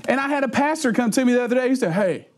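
This is a youth pastor in middle age, voice very high and delivery very fast, spinning comic stories for a teenage audience. Laughter keeps breaking into his sentences as he animatedly performs what others said.

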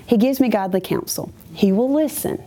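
A woman's voice: a little high, moderate pace, warm tone, slight background noise. A woman schoolteacher giving a chatty, humorous faith testimony to a live audience, full of asides. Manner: chatty, self-deprecating and humorous, with many asides.

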